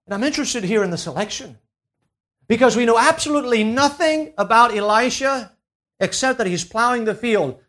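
A man preaching a sermon, reading scripture slowly and deliberately and rising to an emphatic, raised delivery. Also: extremely high pitch, lively intonation, fairly bright tone.

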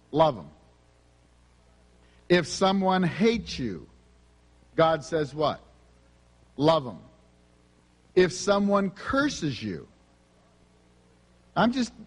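In an earnest, conversational sermon, a preacher tells personal stories and confesses his own failings. He has a fairly high voice, and the recording has a long reverb tail.

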